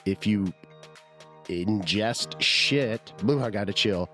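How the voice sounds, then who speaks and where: Deep-voiced man with a sore throat. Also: slow pace, pushed and bright, faint music behind. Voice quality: husky from illness. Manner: rambling, chatty, self-deprecating. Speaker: podcast host. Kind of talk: casual solo podcast monologue.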